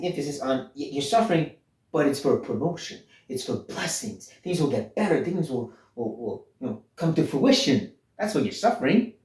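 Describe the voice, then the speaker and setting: Earnest male Bible teacher, blunt, stumbling restarts; mellow tone, roomy echo. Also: mid-range voice. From Canada. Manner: earnest, blunt, with frequent restarts and emphatic stresses. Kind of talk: sermon-style Bible teaching.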